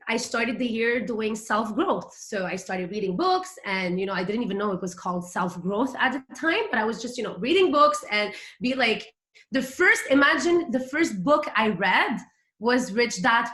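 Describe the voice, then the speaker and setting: A woman's voice: a little high, lively intonation, measured pace, fairly bright tone, reverberant. A woman in her thirties with a Quebec French accent, a native French speaker, giving a chatty, hyper motivational business talk as a guest speaker, full of fillers.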